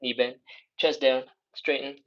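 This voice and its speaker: Guy leading a stretch class live, counts out loud quick, kinda jokey, mid pitch, muffled lo-fi sound. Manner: energetic cueing and counting aloud; jokey, talks fast. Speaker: stretching instructor. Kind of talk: live follow-along workout coaching.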